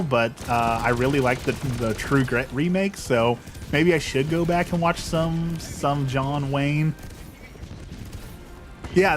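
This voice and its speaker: Rambling young man chatting while gaming. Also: medium pitch. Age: young adult. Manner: rambling, self-deprecating, frequent restarts. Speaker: streamer. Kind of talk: casual gameplay chat.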